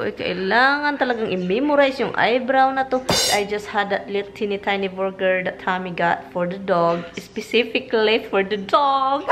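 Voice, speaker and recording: Chatty Filipina vlogger with a high voice. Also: female voice, a bit bright, a little hiss or hum. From Philippines. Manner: chatty, laughs while telling stories. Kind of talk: casual chat to camera, switching languages. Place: at home, then in a car.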